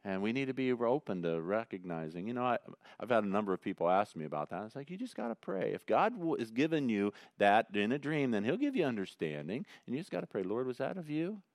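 A man preaching a sermon in a conversational way, swinging between loud emphasis and quiet asides. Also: medium pitch, big pitch swings, fast, no echo, clean studio sound. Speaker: pastor.

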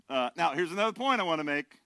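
Older male pastor, sermon, bright and forceful, animated, dry close sound. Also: a little high, vocal fry, no echo. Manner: animated, swings from shouting to quiet asides.

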